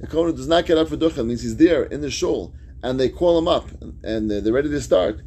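A man's voice: mid-range voice, fast, warm tone. A man teaching a Talmud class, reading each phrase of the text and then explaining it in plain words.

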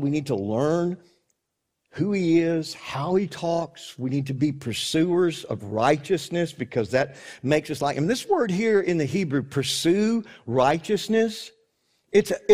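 A man's voice: a little high, darkish tone. A man preaching a sermon in an earnest, conversational way, often restarting his sentences.

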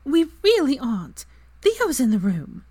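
A woman's voice: sits high, huge pitch swings, a little slow, mellow, breathy edge, voice pushed up, exaggerated voice. A woman reading aloud and voicing a flustered young witch student with anxious questions.

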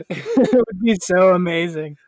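A man's voice: sits high, darkish tone, dry recording. A man co-hosting a casual podcast, rambling and joking, often laughing and swearing, with a somewhat nasal voice. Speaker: podcast co-host. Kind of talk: casual chat.

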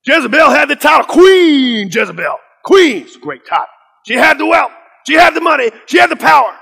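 Man acting out a fiery preacher, shouting at children, high bright voice, hammering repeats. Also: sing-song, normal speed, creaky, big-room sound, full character voice. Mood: rousing. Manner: booming, emphatic, repeats phrases. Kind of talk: sermon.

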